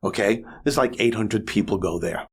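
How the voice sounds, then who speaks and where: Husky-voiced man telling a story. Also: lowish voice, normal speed. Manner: animated, speeds up and gets louder at story peaks. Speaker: guest, comedian and motivational speaker. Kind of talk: storytelling in a podcast interview.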